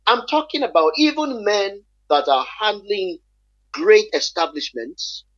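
A man's voice: high-pitched, animated, unhurried, fairly bright tone, no room sound, highs cut off. A man in conversational discussion, earnest and emphatic, repeating phrases for emphasis.

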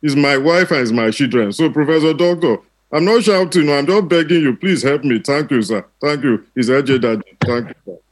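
A man playing an anxious, excitable expectant father with a Nigerian accent, pleading in broken English. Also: fairly high pitch, a little fast, few pauses, lightly acted, rough recording.

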